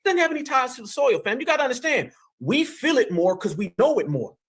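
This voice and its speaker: A man's voice: extremely high pitch, sing-song, brisk, fairly bright tone, breathy edge. A man from Ohio giving emphatic, preachy live-stream commentary and calling his audience "fam" and "family". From Ohio, USA.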